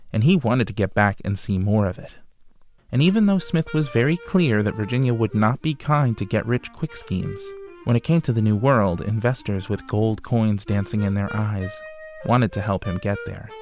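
A man narrates history from a script, slipping in wry, dry humor. His voice sits on the low side. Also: darkish tone, no echo. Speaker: podcast host.

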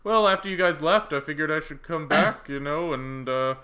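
A man's voice: a little high, normal speed, bright, forceful tone, voice pushed up. A man voicing a laid-back teenage boy diver who talks in a casual, offhand way. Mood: breezy. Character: laid-back teen male diver, breezy and unbothered.

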